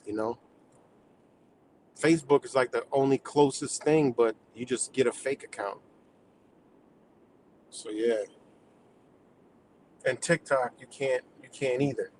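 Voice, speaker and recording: A man's voice: mid-range voice, slight background noise, low-quality recording. A man ranting on a live stream in a rambling, profane, heated way, talking to his chat viewers.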